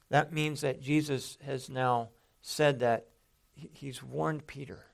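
A man's voice: mid-range voice, vocal fry. A man preaching a sermon in an earnest, conversational way, often restarting his sentences.

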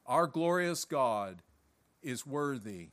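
Slow, lively-voiced preacher man. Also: medium pitch. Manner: emphatic, repetitive preaching with frequent throat-clearing; slow, deliberate delivery that swells and drops off. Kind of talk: sermon.

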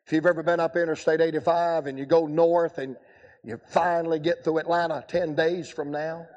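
An older man preaching at a revival. His voice runs high, and he tells stories in a folksy, joking way. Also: darkish tone. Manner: folksy storytelling with humor. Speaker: evangelist preacher. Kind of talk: revival sermon.

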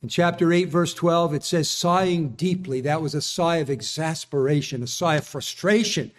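Man, high voice, earnest sermon delivery, pastor. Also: normal speed, hardly any pauses. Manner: earnest preaching, rising in pitch when quoting.

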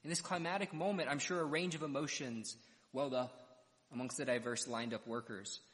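A man's voice: medium pitch, steady tone, brisk, fairly bright tone. A man preaching an expository sermon verse by verse and retelling a parable dramatically. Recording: long reverb of a large hall.

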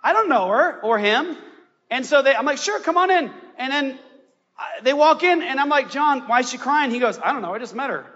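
High, bright impassioned preacher man. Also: moderate pace. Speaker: pastor. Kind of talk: sermon. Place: church sanctuary. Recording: lo-fi recording in a large reverberant church hall.

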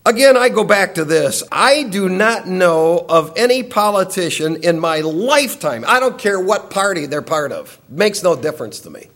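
A man preaching a sermon, emphatic and repeating key phrases for weight, now and then dropping low and quiet. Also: lively intonation, moderate pace, hardly any pauses.

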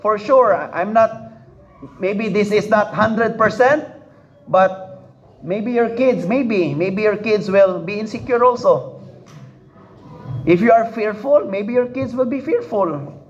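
A man's voice: high-pitched, lively intonation, takes it slowly, long pauses. A man preaching a sermon, repeating phrases for emphasis and asking the congregation questions. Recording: dull lo-fi recording.

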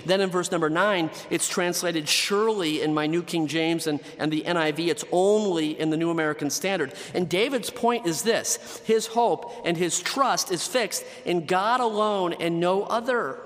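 A man delivers an earnest sermon in a fairly high voice. He slows down and sinks low for emphasis, and his words ring out in a reverberant hall. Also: a bit bright. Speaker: pastor.

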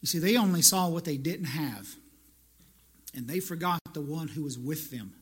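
A man's voice: on the high side, expressive, normal speed, breathy edge. A male pastor delivering a conversational sermon that builds into emphatic, repeated lines. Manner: conversational preaching, rising to emphatic repetition.

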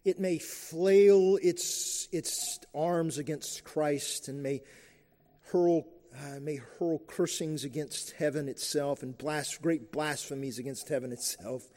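Guy preaching in a big echoey church, darkish mellow voice, keeps restarting lines as he pushes the point. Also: on the high side, steady tone, slow. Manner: earnest preaching with repeated restarts, rising and falling emphasis. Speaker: pastor. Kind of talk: sermon. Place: church sanctuary. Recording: church recording with long hall reverb.

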